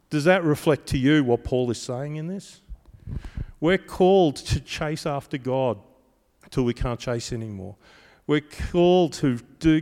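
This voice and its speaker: A man preaches a sermon in a conversational, animated manner, breaking into storytelling as he goes. His voice sits in an ordinary middle pitch. The recording carries the long echo of a large hall. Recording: reverberant hall.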